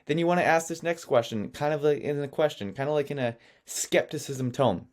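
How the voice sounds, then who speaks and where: A man, an agency founder, teaching an online sales lesson in an animated storytelling way, often checking in with "okay?" and "right?". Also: fairly high pitch, fairly quick.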